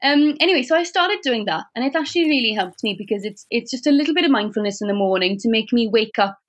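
A young woman recounts her week in casual chat, putting on a mock Welsh lilt. Her voice is a little high, expressive and fast, and she sounds chatty, rambling and sing-song, though the audio is dull.

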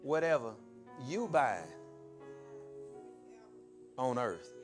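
A man preaching a sermon, calling out to his congregation and building to shouts. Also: medium pitch, big pitch swings, extremely slow, faint music behind. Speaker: pastor.

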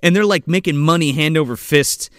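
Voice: mid-range voice, fairly quick, fairly bright tone, no echo, clean studio sound. A podcast co-host recapping a movie in casual chat, swearing often and trailing off into rambling restarts. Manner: profane, rambling, stumbling restarts.

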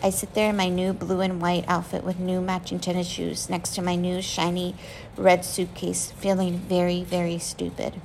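A woman narrating a novel in the first person, reading with expressive emotion. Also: fairly low pitch, normal speed, gravelly, slight background noise, poor audio. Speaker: audiobook reader.

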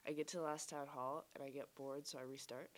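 A woman co-hosting a podcast in casual chat, laid-back and soft-spoken. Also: rumbling low, steady tone, quick pace. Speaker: podcast co-host.

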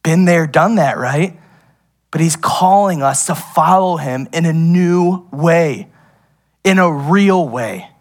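Young male pastor, high voice, lively sermon full of laughs and asides. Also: slow pace. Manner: animated, laughs often, goes off on tangents.

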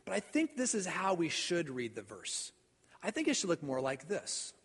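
A man's voice: fairly high pitch, huge pitch swings, moderate pace, a bit bright, breathy edge. A man preaching a sermon as pastor, earnest, often repeating and stumbling over his words. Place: church sanctuary. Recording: long church reverb.

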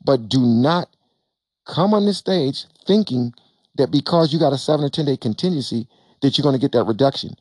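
A man who invests in real estate gives an emphatic, animated talk to an audience on a panel, repeating phrases and acting out bits of dialogue. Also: mid-range voice, brisk, no echo. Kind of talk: motivational stage talk to an audience.

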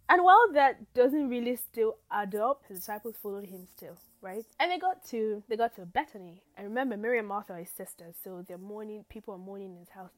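A woman hosting a casual Bible teaching podcast, telling the story lively and often checking in with listeners. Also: medium pitch, rough recording. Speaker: podcast host.

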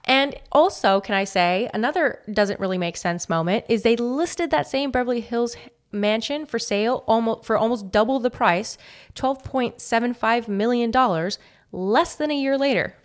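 A woman co-hosting a gossip podcast in easy, casual chat. Her voice sits a bit high, and she slips into little mock voices when she quotes people. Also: moderate pace. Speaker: podcast co-host.

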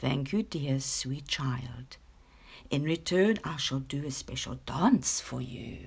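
A woman voicing a tired, ragged old man of about eighty in a storybook, speaking in a hushed, slow, pleading way. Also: very deep voice, breathy edge, pitched below the performer's own voice, exaggerated voice. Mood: grateful.

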